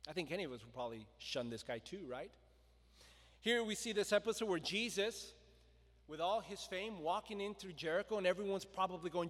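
A man preaching a sermon, telling the story with lively voices for the crowd and stopping to ask his listeners questions. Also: high-pitched, fairly quick. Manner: animated storytelling, acting out the crowd and quotes. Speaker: pastor. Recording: long reverb of a large hall.

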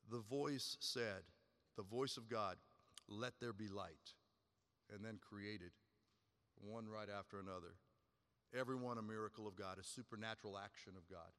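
A pastor preaching a sermon, swinging between loud, high stresses and quiet, low drops. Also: male voice, long reverb tail.

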